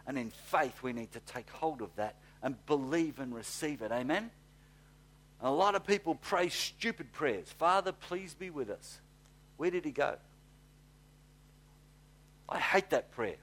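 A man preaching a sermon, swinging from hushed, slow reading to fired-up shouting, with blunt, folksy asides. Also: mid-range voice, lively intonation. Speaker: pastor.

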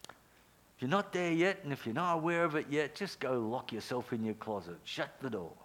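Middle-aged male pastor, sermon delivery, earnest storyteller, mid-pitched voice. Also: moderate pace. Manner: earnest storytelling, animated bursts, drops to near whisper for prayers.

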